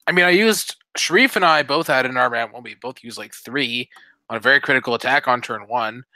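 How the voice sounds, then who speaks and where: A man with a bright, forward voice talks through strategy in a loose, meandering way, full of "like" and "uh". His voice sits close and dry. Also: medium pitch, brisk, no room sound. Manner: rambling explanations with many "uh" and "like". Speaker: podcast co-host. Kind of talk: casual podcast chat.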